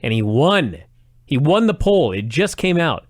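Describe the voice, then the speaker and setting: A man's voice: on the high side, big pitch swings, unhurried, no echo, studio quality. A man co-hosting a casual podcast chat about old wrestling shows, sarcastic and laughing often. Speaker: podcast co-host.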